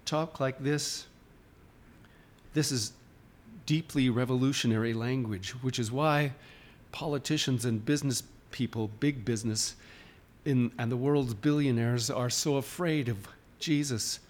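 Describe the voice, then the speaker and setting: A man's voice: mid-range voice, measured pace. A man preaching a sermon in a church, informal and questioning, often restarting his sentences. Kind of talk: conversational sermon.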